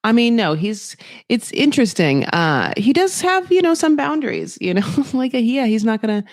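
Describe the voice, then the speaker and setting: A woman's voice: on the high side, sing-song, normal speed, no echo, studio quality. A woman hosting a podcast, recapping reality TV in a chatty, gossipy way, full of asides and quoted voices. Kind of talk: casual chat.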